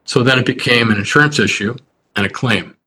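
A man, a construction company president, telling stories in a measured, earnest way during a podcast interview. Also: mid-range voice, sharp tone, slight background noise. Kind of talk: anecdotal storytelling in a podcast interview.

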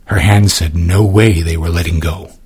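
A man's voice: low-pitched, steady tone, moderate pace, a little mellow, breathy edge. A man giving dramatic scripted narration of a novel as an audiobook narrator. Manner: dramatic, swinging delivery.

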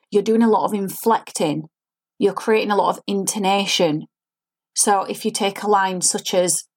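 A woman, an acting coach giving an earnest, explanatory spoken lesson and demonstrating line readings. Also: mid-range voice.

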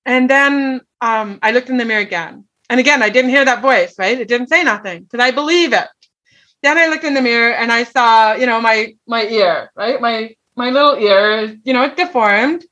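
A woman's voice: on the high side, bright, forceful tone. A middle-aged woman telling a personal story in an earnest way, often checking in with "right?". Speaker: guest.

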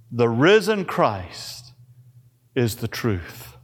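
A man pastor preaching a sermon, slow and emphatic, with dramatic pauses on key words. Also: a little high, sing-song. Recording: reverberant church hall.

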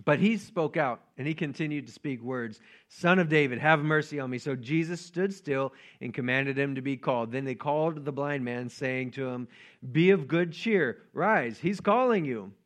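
A man's voice: mid-range voice, moderate pace, few pauses, a bit bright. A man preaching a casual, joking sermon and acting out the voices of Bible figures. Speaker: pastor.

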